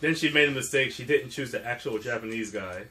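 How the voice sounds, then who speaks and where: A man telling stories in casual chat over a game, animated, laughing often and swearing casually. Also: medium pitch, brisk, faint music behind.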